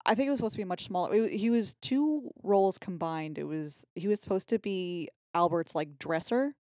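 Low-voiced enthusiastic woman. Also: expressive, a little mellow, no room sound, studio quality. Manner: enthusiastic, trivia-sharing, swears and laughs; loose and halting, many fillers. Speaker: podcast co-host. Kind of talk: casual chat about a film.

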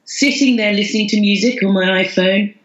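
A woman's voice: medium pitch, fairly quick, echoey room, lo-fi sound. A woman, a podcast guest telling her story candidly and with self-mockery. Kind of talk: casual storytelling.

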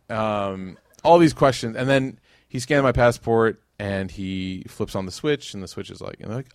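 A man's voice: lowish voice, normal speed, hardly any pauses, dry recording, studio quality. Casual storytelling man lecturer. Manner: casual, animated storytelling with voiced quotes.

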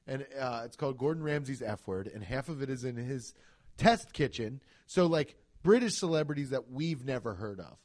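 A man chatting casually in a comedy podcast, telling stories with lots of swearing and quick comic impressions. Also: mid-range voice. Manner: animated storytelling, swears freely, jumps into impressions.

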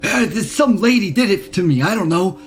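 A man's voice: high voice, expressive, normal speed, pitched above the performer's own voice. A man voicing a brash, streetwise male imp with a Queens accent, rambling and full of fillers. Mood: wheedling. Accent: New York Queens.

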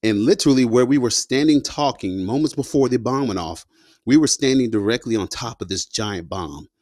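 A man's voice: medium pitch, a little fast, darkish tone, no room sound, studio quality. A man, a combat veteran, telling his story in a loose, slangy way, full of "you know" and "man". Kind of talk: casual spoken storytelling.

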